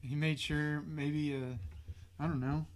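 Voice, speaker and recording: A man's voice: fairly high pitch, flat delivery, takes it slowly, slight background noise. A man co-hosting a podcast in casual chat, laid-back, with folksy exclamations. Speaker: podcast co-host.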